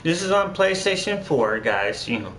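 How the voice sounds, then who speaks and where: A man's voice: a little high, big pitch swings, moderate pace, a bit bright. A man streaming a game, chatting casually and repeating words for emphasis as he rambles. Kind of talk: casual gameplay commentary. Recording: echoey room with faint noise.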